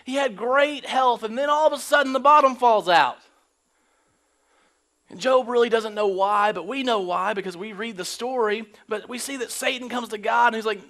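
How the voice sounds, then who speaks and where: A man's voice: very high-pitched, moderate pace, pushed and bright. A man preaching a casual, joking sermon in church, slipping into slangy quoted voices. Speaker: pastor. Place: church sanctuary.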